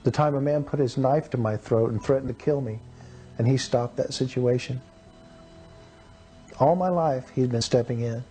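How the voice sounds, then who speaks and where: A man in his fifties, from Texas, tells his personal testimony in a mellow, warm voice, earnest and dramatic, and puts on the voices of the people he talks about. Soft music plays quietly behind him. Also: medium pitch, normal speed, long pauses. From Texas, USA. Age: 50s. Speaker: testimony speaker.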